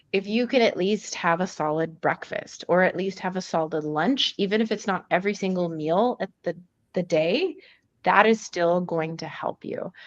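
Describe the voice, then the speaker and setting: A woman's voice: fairly low pitch, dry recording. A woman coach giving casual nutrition advice on a group video call, chatty, with frequent laughs and ums. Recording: muffled video-call audio.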